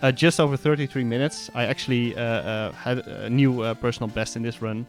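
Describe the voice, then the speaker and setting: A man with a Dutch accent talks through his speedrun in a rambling, halting way, as casual voiceover commentary. His voice sits at an everyday middle pitch. Faint music plays behind him. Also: steady tone. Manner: rambling, hesitant explaining.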